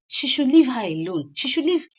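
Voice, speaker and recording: A woman voicing a meek cheating husband who pleads in a low, soft, placating voice. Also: sing-song, normal speed, husky, muffled recording, full character voice. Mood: pleading.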